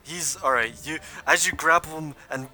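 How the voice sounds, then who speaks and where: A man's voice: fairly high pitch, pushed and bright. A man narrating as dungeon master, making casual rulings between players. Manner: casual, quick rulings with frequent "uh" and "like". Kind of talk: narrating a tabletop game.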